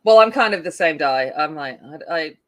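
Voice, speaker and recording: A middle-aged colouring channel host from North Queensland, with an Australian accent, chats casually while she colours, giggling and rambling with lots of fillers. Her voice sits low and sounds animated, and she talks a little fast.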